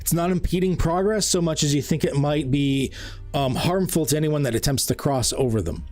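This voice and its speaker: A man runs a tabletop role-playing session as game master, thinking out loud with frequent ums and mid-sentence corrections. His voice sits somewhat high for a man, and faint background music plays beneath him. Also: a little fast. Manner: rambling, full of ums and self-corrections. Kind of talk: running a tabletop game online.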